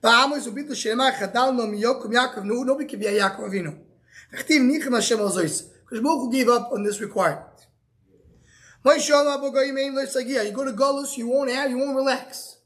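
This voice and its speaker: A man's voice: very high voice, fast talker, fairly bright tone. A male rabbi giving a daily Talmud class. He reads each line of the Aramaic text and then explains it in English, often repeating words as he searches for the phrasing.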